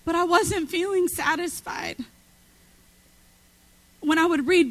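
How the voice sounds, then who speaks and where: A woman with a high voice preaches a sermon as a guest speaker. She drives her points home with fervent, emphatic repetition. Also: slow, pauses often, low-quality recording.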